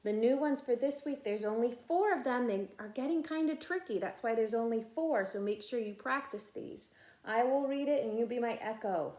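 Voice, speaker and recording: A young woman teaching a first grade phonics lesson, patient and clear, stretching out sounds for children to echo. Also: on the high side, normal speed, a little mellow.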